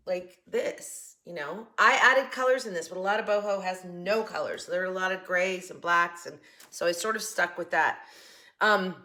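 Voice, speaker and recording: On her craft channel, a woman with a mid-range, sharp-toned voice shows off her projects in a casual show-and-tell vlog. She's chatty and enthusiastic and keeps restarting her sentences.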